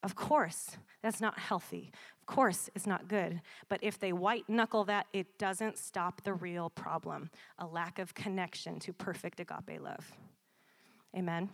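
A woman preaching a sermon, checking in often with "Amen?" and building to loud, emphatic peaks. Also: on the low side, steady tone, a little slow, creaky.

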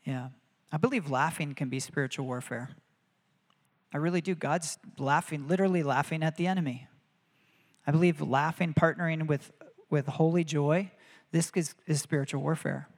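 A man delivers a sermon in an earnest, conversational way and slips into spoken prayers as he goes. His voice sits a little high for a man. A long reverb trails after each phrase. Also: moderate pace. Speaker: preacher.

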